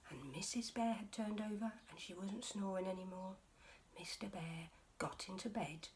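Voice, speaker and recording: A woman teacher reading a picture book aloud to her class, expressive, with soft whispered passages. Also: mid-range voice, normal speed, a little hiss or hum.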